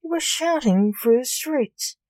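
A woman voicing a menacing masked male necromancer in a read-aloud story, who delivers his threats slowly and deliberately. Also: sits high, expressive, darkish tone, no echo, pitched above the performer's own voice.

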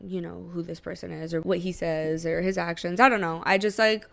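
Gravelly-voiced woman podcast host. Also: fairly low pitch, fairly quick. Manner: slangy, profane, animated retelling. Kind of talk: casual storytelling chat.

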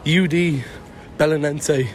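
A man's voice: a little high, steady tone, slow pace, slight background noise. A young Irish man co-hosting a podcast, chatting in a jokey, self-mocking way while walking around a city. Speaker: podcast co-host. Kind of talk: casual travel chat. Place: outdoors and in an airport, walking through a city.

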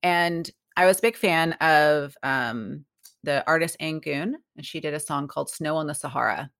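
A woman chatting casually as a podcast guest, telling lively stories and acting out the people she quotes. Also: low-pitched, moderate pace. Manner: animated, acts out quoted voices. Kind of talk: casual storytelling chat.

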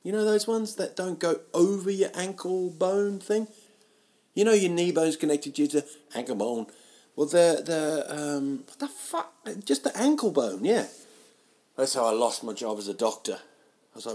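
A man rambling through a comic monologue, mocking himself and jumping into loud, silly voices. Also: on the high side, animated, unhurried. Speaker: comedian doing a solo audio show.

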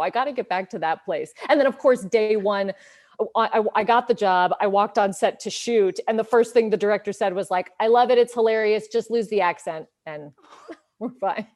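A woman in her thirties, an actress, chats in a relaxed interview, self-deprecating and acting out quoted lines with lively voice shifts. She speaks briskly at medium pitch.

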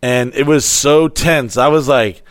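A man's voice: mid-range voice, steady tone, unhurried, no echo, studio quality. A man co-hosting a casual podcast, cutting in with jokes and profane asides. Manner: interjecting, profane, jokey. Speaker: podcast co-host. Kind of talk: casual chat.

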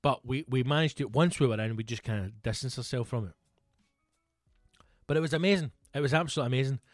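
A man's voice: medium pitch, fast talker, no room sound, studio quality, soft background music. A Scottish man in his thirties, swearing freely and rambling through anecdotes in a casual podcast chat. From Scotland. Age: 30s. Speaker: podcast co-host.

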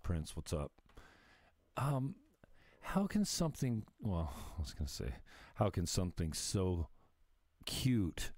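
A deep-voiced man gives casual reaction commentary on a livestream. He is sarcastic and swears freely, and his pitch swings widely as he talks. The sound is dry and close. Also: sing-song, slow pace, pauses often, darkish tone, dry recording. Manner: sarcastic and profane, laughing often.

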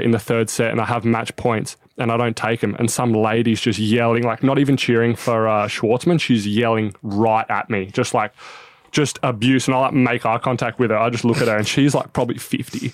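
A young Australian man talks at a quick clip, stringing his story together with "like" and offhand swearing. The sound is close and dry, with no room around him. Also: mid-range voice, no echo. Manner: swears freely, story full of "like" and quoted self-talk. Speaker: professional tennis player guest. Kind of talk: casual storytelling chat.

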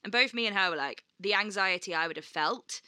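A woman's voice: medium pitch, a little fast, bright, forceful tone, no echo. A woman co-hosting a podcast, telling stories animatedly and swearing freely as she acts out quotes. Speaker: podcast co-host. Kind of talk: casual chat.

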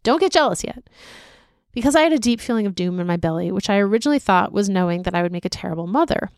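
A woman's voice: medium pitch, lively intonation, rapid-fire, clean tone, no room sound, clean studio sound. A woman co-hosting a casual podcast, reading listener emails aloud with chatty asides. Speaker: podcast co-host.

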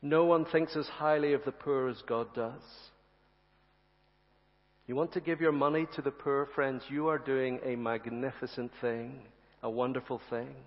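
A male preacher giving a sermon in a church, speaking earnestly, repeating phrases and asking the congregation rhetorical questions. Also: medium pitch. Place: church sanctuary. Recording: reverberant church hall, slightly dull sound.

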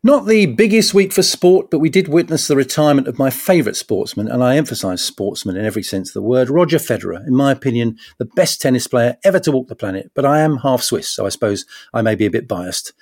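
A man's voice: mid-range voice, animated, fast, hardly any pauses, a little mellow, no echo. Man, podcast host, sarcastic satirical monologue, punning asides, dry close sound.

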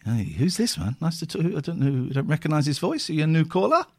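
A man hosting a live phone-in radio show, rambling and animated, swearing freely. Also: a little high, fast talker. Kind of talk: casual live radio talk.

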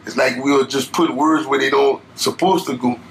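A man's voice: medium pitch, fairly even intonation, normal speed, a bit bright, a little hiss or hum, poor audio. A young man from Louisiana with a Louisiana accent, a guest chatting casually in a laid-back, rambling way full of fillers. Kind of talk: casual interview chat.

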